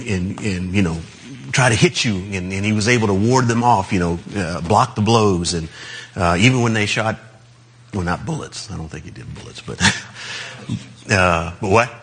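A man preaches in a very husky, breathy voice that sits on the low side. He talks loosely and conversationally, chuckling as he goes. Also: a bit bright. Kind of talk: sermon.

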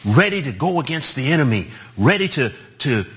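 A man's voice: medium pitch, sing-song, brisk, fairly bright tone, breathy edge. A man preaching a sermon in a loose, conversational way, with chuckles as he talks.

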